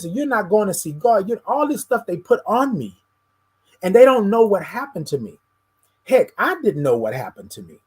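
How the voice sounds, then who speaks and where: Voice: mid-range voice, slightly rough. A show host giving a candid personal monologue, speaking straight to the audience as y'all and often stuttering over repeated words.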